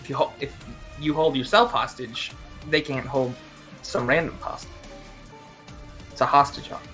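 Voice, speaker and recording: A man's voice: medium pitch, steady tone, normal speed, fairly bright tone, soft background music. A young man playing a tabletop game, talking hesitantly and apologetically. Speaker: player. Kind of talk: casual chat in a tabletop game.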